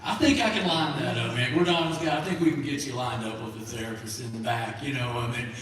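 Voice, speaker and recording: A man's voice: medium pitch, brisk, crowd noise. A man speaking in an easygoing, folksy way, chatting on a live stage. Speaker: program staff speaker. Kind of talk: casual stage banter. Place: large hall, live show. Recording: echoey hall from far off.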